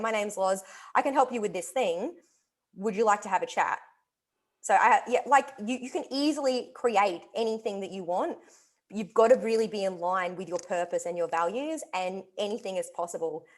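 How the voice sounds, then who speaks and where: Chatty enthusiastic woman. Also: mid-range voice. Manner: enthusiastic, talkative, repeats "literally" and "like". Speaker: guest author and wellness coach. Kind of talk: casual interview chat.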